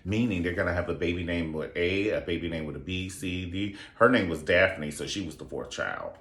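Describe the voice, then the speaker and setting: A man's voice: low-pitched, fairly quick, a bit bright. A man giving a campy, profane show review, sassy and full of asides. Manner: campy, sassy, profane, calls people honey. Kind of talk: casual comedic retelling. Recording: echoey room.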